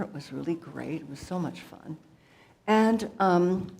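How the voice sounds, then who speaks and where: Slow-spoken woman giving a humorous sermon. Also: on the low side, darkish tone. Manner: light, self-mocking storytelling. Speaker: guest speaker at a spiritual center.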